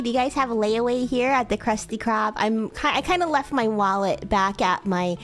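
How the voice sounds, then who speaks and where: A woman's voice: on the high side, normal speed, few pauses, soft background music. A woman streamer improvising a role-play with a chatbot, hesitant and giggly, with many fillers.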